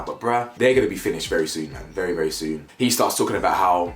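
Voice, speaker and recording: A man giving casual, animated commentary as a reality TV reviewer, often repeating himself and asking "you know what I'm saying". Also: on the low side, fast, few pauses. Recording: echoey room with faint music.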